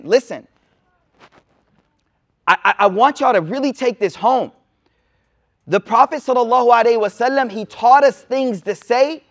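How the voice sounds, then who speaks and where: A man, giving an informal Islamic talk to a live audience in a slangy, storytelling way. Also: high-pitched. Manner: casual, slangy storytelling with lively asides. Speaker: Islamic teacher. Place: room with a seated audience.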